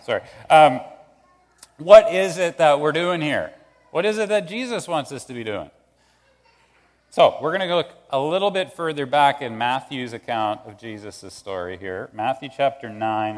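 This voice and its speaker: A man preaching a sermon as pastor in a conversational, animated way, acting out quoted voices. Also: medium pitch, big-room sound.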